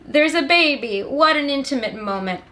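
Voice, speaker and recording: Woman, young adult, high-ish voice, sarcastic, swears constantly, rambling comedic recap. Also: expressive, moderate pace, pushed and bright. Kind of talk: profane comedic plot summary.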